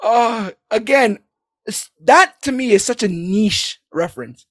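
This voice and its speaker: A man recapping a movie in casual podcast chat, animated and laughing as he acts out lines. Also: high-pitched, a little slow, dry recording, clean studio sound. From New York City. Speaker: podcast co-host.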